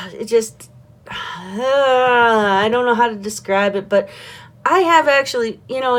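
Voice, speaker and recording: A middle-aged woman talking casually in a personal vlog, rambling and laughing often as she acts out what others say. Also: medium pitch. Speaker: vlogger.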